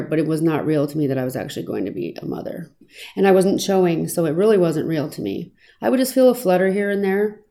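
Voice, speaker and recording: A woman recounting her own past in an earnest, reflective personal testimony, pausing now and then with small fillers. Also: sits low, creaky, warm tone. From Arizona, US.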